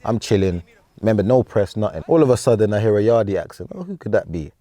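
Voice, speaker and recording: A man with a London accent hosting an interview, quick and chatty with street slang. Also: on the low side, expressive, mellow, no echo. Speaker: interview host. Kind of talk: casual interview chat.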